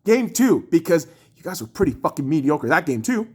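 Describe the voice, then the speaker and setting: A young man vents on his podcast, cursing and mocking his own team. His voice swings wildly, jumping to shouts and then dropping to bitter grumbles. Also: a little fast, slightly rough. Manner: profane, furious, mocking; lively pitch swinging from shouts to low mutters. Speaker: podcast host. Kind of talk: angry sports rant.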